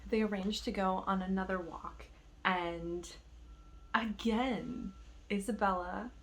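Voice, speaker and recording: A woman's voice: mid-range voice, fairly even intonation, slow. A woman vlogger chatting casually about what she is reading, gushing and chatty, with lots of "like". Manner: gushing, chatty, heavy use of "like". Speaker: book vlogger. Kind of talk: casual reading vlog chat.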